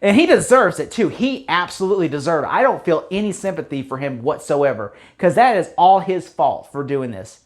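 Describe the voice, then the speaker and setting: A man's voice: fairly high pitch, expressive, brisk, hardly any pauses. Rambling man recapping a film. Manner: rambling, filler-heavy with many restarts and chuckles; blunt, opinionated. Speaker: movie reviewer. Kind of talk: casual spoken movie recap.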